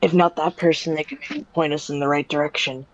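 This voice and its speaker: A man's voice: fairly high pitch, fairly even intonation, quick pace, no room sound. A man playing in a tabletop game, reacting eagerly to the game master. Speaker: player. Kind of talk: casual chat in a tabletop game. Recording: dull, dry lo-fi mic.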